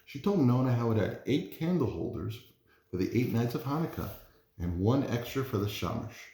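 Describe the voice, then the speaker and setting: A man, a parent, reading a children's storybook aloud in an expressive, animated way. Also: mid-range voice, normal speed. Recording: roomy echo.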